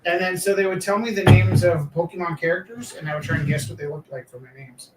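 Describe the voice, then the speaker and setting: A man's voice: sits high, fairly even intonation, quick pace, over loud music. A man chatting casually while he draws, rambling with many fillers. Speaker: live-streaming artist. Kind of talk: casual chat while drawing. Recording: echoey room, mic far off, faint noise.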